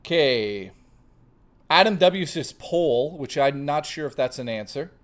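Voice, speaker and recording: A man's voice: fairly high pitch, lively intonation, unhurried. A man hosting a live stream, chatting casually with viewers, swearing freely and reading the chat aloud. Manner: profane, playful, reads chat aloud.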